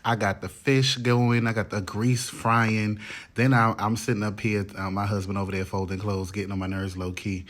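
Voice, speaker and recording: A man's voice: lowish voice, level tone, normal speed, fairly bright tone. A man talking casually in a rambling, chatty way as he cooks dinner in his home kitchen, speaking straight to his viewers. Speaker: home cooking vlogger. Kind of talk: casual chatty cooking vlog.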